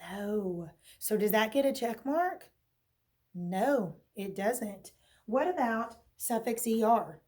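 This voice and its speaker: A woman's voice: on the high side, animated, slow, darkish tone. A woman teacher giving a recorded phonics lesson. She talks patiently, checks in with a frequent "okay?", and asks questions that she then answers herself. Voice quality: clears her throat now and then.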